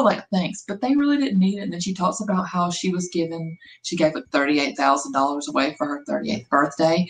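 A woman reviewing an audiobook in casual chat, chatty and full of "like", her pitch jumping up when she quotes herself. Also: poor audio. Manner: chatty, filler-heavy, jumps up in pitch when quoting herself. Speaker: podcast co-host.

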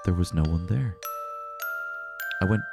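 A male podcast co-host telling a comic story deadpan, with sudden loud outbursts. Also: low voice, a little slow, vocal fry, loud music behind the voice.

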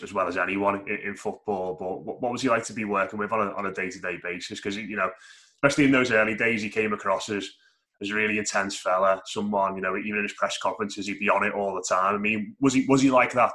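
A man's voice: lowish voice, quick pace, sharp tone. A male podcast host asking rambling interview questions and restarting them as he goes.

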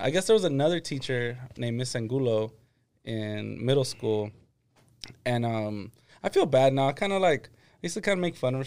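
Smooth-voiced young man rambling casually. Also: mid-range voice. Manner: rambling, heavy use of "like". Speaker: podcast co-host. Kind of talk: casual chat.

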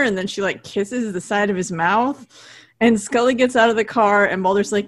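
A chatty woman co-hosting a podcast in a relaxed, casual tone. She walks through the scenes one by one and slips in quoted lines from the characters. Her voice sits at an ordinary middle pitch for a woman. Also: a little fast. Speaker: podcast co-host. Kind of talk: casual chat recapping an episode.

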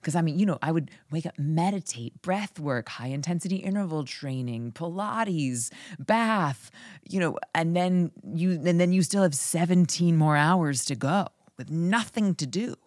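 A woman's voice: lowish voice, lively intonation, unhurried, darkish tone, no echo, clean studio sound. A woman hosting a podcast, chatting casually with her guest in an enthusiastic, affirming way. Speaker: podcast host. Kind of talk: casual interview chat.

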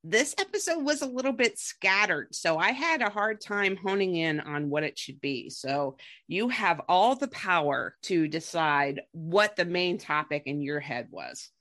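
A woman's voice: lowish voice, expressive, unhurried, hardly any pauses, fairly bright tone. A woman hosting a podcast in casual, chatty, upbeat talk that often breaks into giggles. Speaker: podcast host.

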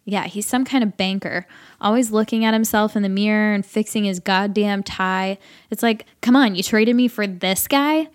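A woman's voice: mid-range voice, moderate pace, lightly acted. A woman voicing a world-weary older brother who rants emphatically about being dumped, in a storybook reading. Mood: ranting.

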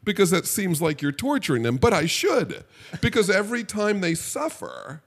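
A man's voice: high-pitched, huge pitch swings, moderate pace, creaky, breathy edge. A middle-aged man co-hosting a podcast in casual chat, rambling and wry, often stopping and restarting mid-thought. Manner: rambling, self-interrupting, wry. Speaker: podcast co-host.

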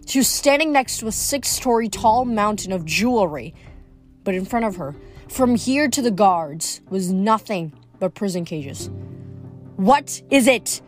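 A woman reading a novel aloud, expressive, with small slips now and then. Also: medium pitch, normal speed, faint music behind. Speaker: audiobook reader.

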